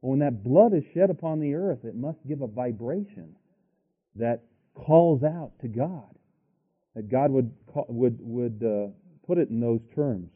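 A man's voice: medium pitch, a little slow, slightly rough. Man preaching over a tinny tape. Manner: thinks aloud with restarts and fillers. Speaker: pastor. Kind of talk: sermon with scripture reading.

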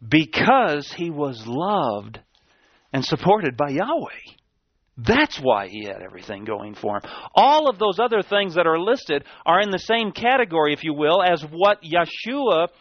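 A man delivers an emphatic sermon in a fairly high voice, pressing on key words and letting his voice rise and fall. The sound is a dull, dry lo-fi tape with no room echo. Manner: emphatic, repeats key words, swings between raised and dropped voice. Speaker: preacher. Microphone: sermon tape recording.

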